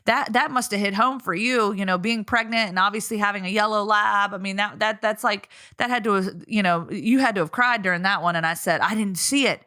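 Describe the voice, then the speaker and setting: A woman co-hosting a sports podcast, telling stories in a chatty, animated way. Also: medium pitch, a little fast, hardly any pauses. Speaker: co-host. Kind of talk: casual sports podcast chat.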